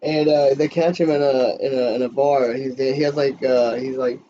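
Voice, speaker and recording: A man's voice: mid-range voice, steady tone, normal speed, warm tone, lo-fi sound, slight background noise. A man hosting a podcast in casual chat, rambling and profane with lots of filler words. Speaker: podcast host.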